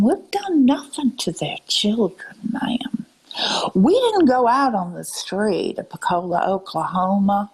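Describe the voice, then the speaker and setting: A woman in a put-on Southern drawl lecturing viewers on a live stream, scolding them and calling them ma'am and darling, often dropping into breathy half-whispers. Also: medium pitch, a little mellow, low-quality recording.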